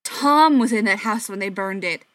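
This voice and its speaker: A woman voicing a young male vampire who is tense and quick to anger, in sharp, raised lines. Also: high voice, big pitch swings, dry recording, pitched above the performer's own voice, full character voice. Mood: angry.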